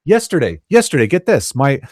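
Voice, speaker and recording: A man in his forties, an interview guest who tells earnest, animated stories about his work and often repeats words when he gets excited. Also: mid-range voice, fairly quick, no room sound, clean studio sound. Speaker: interview guest, children's cartoon creator. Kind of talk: casual interview storytelling.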